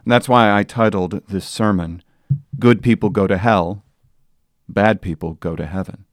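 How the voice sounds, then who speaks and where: A man preaching a sermon as pastor, earnest and plain, building to loud emphatic passages. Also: fairly low pitch, moderate pace, no room sound, studio quality. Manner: earnest preaching, rising to loud sung quotes.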